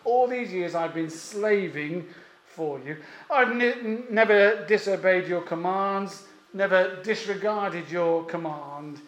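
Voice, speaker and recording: A man preaching, briefly voicing a resentful older brother in a slow, drawn-out complaint. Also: high-pitched, fairly bright tone. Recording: echoey room.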